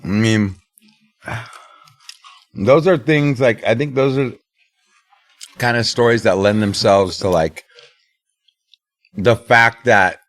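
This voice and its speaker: A man co-hosting a podcast, laid-back and slangy in casual chat. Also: fairly low pitch. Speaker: podcast co-host.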